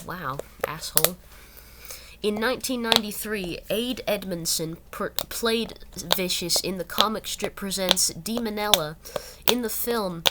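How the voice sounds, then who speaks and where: A young woman reading an article aloud and breaking off into rambling, self-correcting asides. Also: mid-range voice. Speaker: channel host. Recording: loud background noise.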